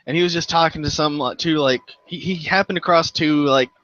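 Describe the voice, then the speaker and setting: A young American man hosting a casual chat, animated and quick to laugh, swearing freely. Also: a little high, no echo. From United States. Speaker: channel host. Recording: dull dry lo-fi recording.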